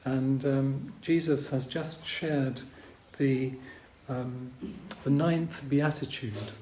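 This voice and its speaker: A man giving a dharma talk as a Zen teacher, hesitant with many pauses and ums, gently humorous. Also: medium pitch, slight background noise. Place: retreat meditation hall. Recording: roomy hall with faint ambience.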